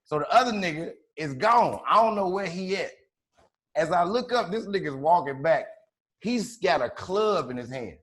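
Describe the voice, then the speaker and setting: Animated profane man telling a story. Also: high voice, normal speed. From Chicago. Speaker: podcast co-host. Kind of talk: casual storytelling.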